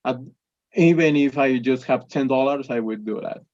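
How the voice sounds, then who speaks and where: A man's voice: medium pitch, moderate pace, a little mellow, dry recording. Casting: young man, native Spanish speaker, hesitant learner English full of restarts, dry close sound, dull lo-fi call audio. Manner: hesitant, many restarts and fillers. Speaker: English student. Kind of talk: conversation practice.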